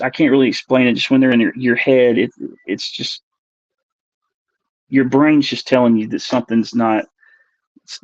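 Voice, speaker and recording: Earnest halting man in his forties. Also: mid-range voice, no room sound. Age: 40s. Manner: earnest, halting, searching for words. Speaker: podcast guest. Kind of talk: recounting a personal experience. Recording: dull, lo-fi dry recording.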